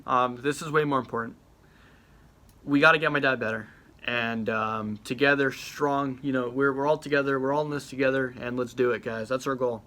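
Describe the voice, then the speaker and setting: A young man vlogs casually to the camera from a hospital ward and from a car at night, his medium-pitched voice audibly affected by illness. His tone is steady yet brisk, bright and forceful, though he rambles with plenty of fillers and restarts.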